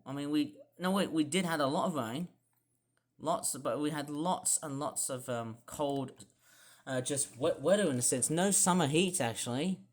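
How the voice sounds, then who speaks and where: A man vlogging casual weather commentary over forecast charts, rambling and correcting himself as he goes. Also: mid-range voice. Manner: rambling, self-correcting, grumbling.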